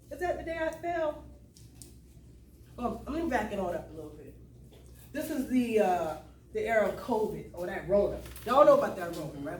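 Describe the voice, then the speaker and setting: Speaking in a mid-range, somewhat mellow voice, a middle-aged woman from the South Carolina Lowcountry tells her personal story to a live audience at a cultural event. The emotional, conversational Southern telling includes calls to the crowd. The recording is distant and roomy, with faint room noise.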